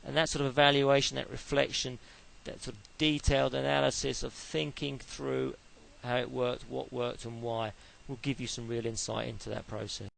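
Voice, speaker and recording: A man's voice: mid-range voice, little pitch movement, moderate pace, gravelly, few pauses, a bit bright, slight background noise, rough recording. A middle-aged man giving an informal lecture on sport psychology, chatty and explaining step by step with everyday examples.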